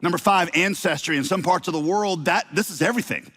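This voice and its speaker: A middle-aged man with a slight Southern accent, preaching a sermon to his congregation with lively delivery and playful asides. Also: sits high, quick pace. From Southern United States. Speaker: pastor.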